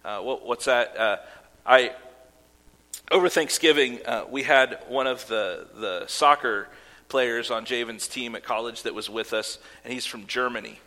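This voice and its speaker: A man's voice: mid-range voice, a little slow, bright, forceful tone. A man preaching a sermon as pastor, earnest, with casual asides and fillers. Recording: long hall reverb.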